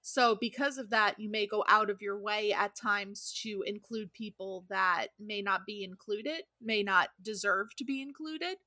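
A woman co-hosts a casual podcast chat about astrology. Her tone is bright and forceful, and she laughs easily and reads horoscope text aloud. The sound is dry and close, with no room echo. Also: medium pitch, unhurried, few pauses. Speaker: podcast co-host.

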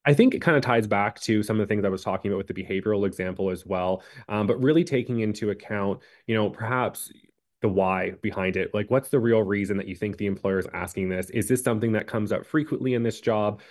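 A man answering interview questions about job hunting in a measured way, with frequent ums and uhs. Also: lowish voice. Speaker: career advice guest.

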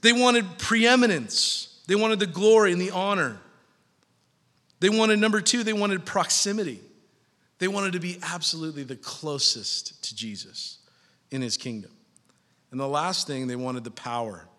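A man's voice: sits high, moderate pace. A middle-aged man preaching a sermon as a pastor, joking and telling stories and acting out the voices of the people he quotes. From California. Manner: animated, joking storyteller, acts out quoted voices. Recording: long hall reverb.

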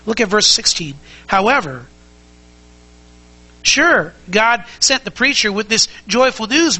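A man's voice: high-pitched, lively intonation, unhurried, sharp tone, low-quality recording. A man preaching a sermon as pastor, conversational and emphatic, asking the congregation many rhetorical questions and repeating key phrases.

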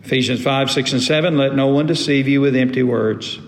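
A middle-aged man preaching a sermon as a pastor, emphatic, with long pauses and sudden drops to a low voice. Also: steady tone. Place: church sanctuary. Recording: echoey hall, faint room ambience.

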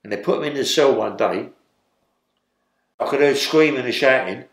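A man's voice: medium pitch, normal speed, echoey room. Older London man telling a rambling story. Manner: rambling, keeps adding "yeah?". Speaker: interviewee, former criminal. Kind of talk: storytelling in an interview.

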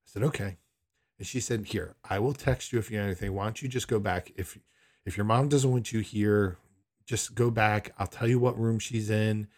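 Man, low voice, middle-aged, podcast host, reflective personal storytelling, candid. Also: steady tone, darkish tone. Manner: reflective, candid, unhurried with frequent restarts.

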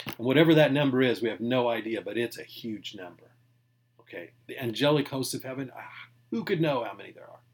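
Man preaching, loud then hushed. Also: mid-range voice, expressive, a little fast. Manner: emphatic, swinging from loud to near-whispered asides; conversational, with restarts and small laughs. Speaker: pastor. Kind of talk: sermon.

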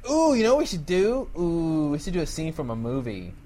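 A man's voice: fairly high pitch, huge pitch swings, brisk, dark tone. A young man chatting casually and teasing his friend while they plan improv scenes. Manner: swearing, laughing, teasing banter.

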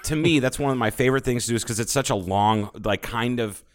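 A man's voice: mid-range voice, quick pace. A man co-hosting a casual podcast, rambling and swearing as he tells stories. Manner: animated, swearing, rambling storyteller. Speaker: podcast co-host. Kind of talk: casual chat.

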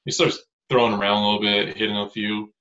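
A young man telling stories as a guest in a casual chat, in a relaxed way, saying "like" a lot. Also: fairly low pitch, fast. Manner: relaxed, lots of "like". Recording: echoey room, dull lo-fi sound.

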